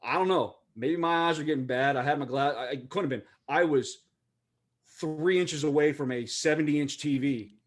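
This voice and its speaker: This Pittsburgh-area sports podcast co-host has a fairly high pitch and talks at a normal speed. He's casual and joking, rambling on with frequent stammering restarts.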